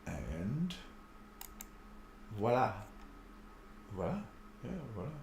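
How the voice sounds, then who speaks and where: A man's voice: fairly low pitch, sing-song, drawn-out words, creaky. An English man hosting a casual live stream from his cold room at home, chatting to viewers and his pets while he clicks through posts. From England. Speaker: livestream host. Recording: echoey room with faint background noise.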